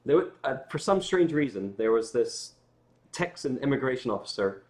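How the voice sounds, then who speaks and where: A man's voice: mid-range voice, lively intonation, normal speed, a little mellow. A Scottish man chatting casually as a guest on a livestream, telling rambling stories with lots of fillers and restarts. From Scotland. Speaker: guest musician.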